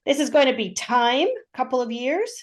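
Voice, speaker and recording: A woman hosting a podcast, chatting casually and quickly nudging her guest along. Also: high voice. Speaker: podcast host. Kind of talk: casual interview chat.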